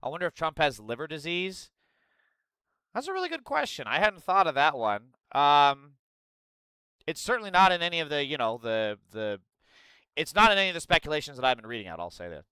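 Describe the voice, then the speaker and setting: A man's voice: on the high side, big pitch swings, a little fast, sharp tone, clear, resonant tone, no echo, poor audio. Profane sarcastic male streamer. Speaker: political commentary streamer. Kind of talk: live reaction stream with chat.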